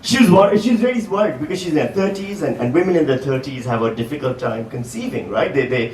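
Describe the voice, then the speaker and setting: Animated man doing stand-up. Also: a little high, a little hiss or hum. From Pakistan. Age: 40s. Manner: animated, quick shifts into acted-out quotes. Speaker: stand-up comedian. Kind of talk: stand-up comedy set. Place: museum hall, live audience. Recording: roomy live hall, mic heard from a distance, loud crowd laughter.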